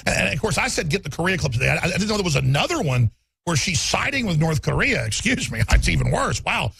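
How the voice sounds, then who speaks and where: A male talk radio host giving rapid, mocking political commentary. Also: sits high, very animated, creaky, fairly bright tone, slight background noise.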